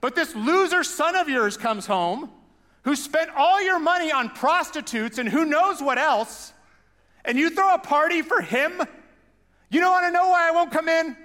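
A man's voice: very high voice, normal speed, pushed and bright, big-room sound, pitched above the performer's own voice. A man voicing a sulky, self-righteous older brother who complains indignantly.

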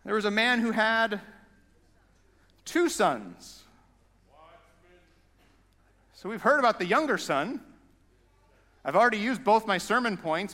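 A male pastor preaching with a high-pitched, bright voice and a lively, conversational manner. His words ring out with a long, echoing reverb from a big hall. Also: a little slow, long pauses. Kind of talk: sermon.

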